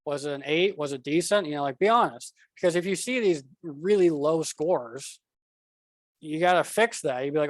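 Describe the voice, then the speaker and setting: Blunt, fairly high-voiced male trading coach. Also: moderate pace, no echo. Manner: blunt, repetitive, talks straight to the viewer. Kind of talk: casual slideshow talk.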